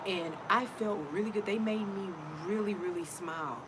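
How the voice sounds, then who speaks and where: A woman's voice: mid-range voice, a little fast, hardly any pauses, noisy background. A middle-aged woman talking casually and emotionally to her viewers in a personal vlog, often repeating herself. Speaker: vlogger.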